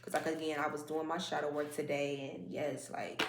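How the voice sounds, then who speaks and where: A woman with a lowish voice gives a casual oracle card reading, rambling and conversational, full of fillers and side remarks. Her voice sounds roomy and echoey, with faint noise behind. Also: flat delivery, brisk.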